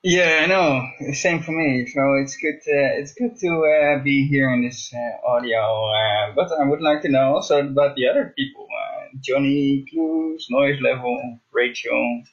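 A man from the Netherlands with a Dutch accent, calling in to chat in a halting way, full of pauses and fillers. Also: medium pitch, muffled recording. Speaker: caller. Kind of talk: casual chat on a call-in show.

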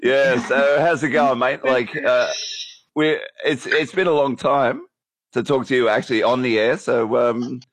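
A man's voice: medium pitch, fairly even intonation, unhurried, a bit bright, dry recording. A man hosting a call-in show, greeting callers in a loose, friendly way and stumbling over his words. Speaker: host.

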